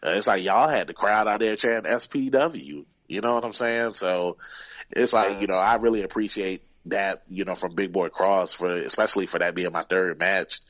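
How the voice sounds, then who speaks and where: Man, very low voice, rambling casual storytelling, dry dull lo-fi sound. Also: moderate pace, a bit bright, no room sound. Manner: rambling, many fillers like "you know" and "like". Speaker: guest wrestler.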